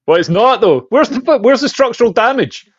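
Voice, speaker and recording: Brief: man, high voice, blunt provocative delivery, dull mic. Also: animated, brisk, dry recording. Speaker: podcast co-host. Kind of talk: heated casual banter.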